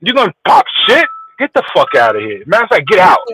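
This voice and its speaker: A man's voice: high voice, huge pitch swings, fast, background noise. Brash, profane man telling stories. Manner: brash, profane, boastful storytelling. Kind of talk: crude casual chat.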